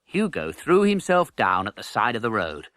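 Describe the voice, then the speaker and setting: A man reading a children's storybook aloud with expressive narration. His pitch swings widely and his tone sounds bright. The recording is dry and close. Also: moderate pace, dry recording. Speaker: audiobook narrator.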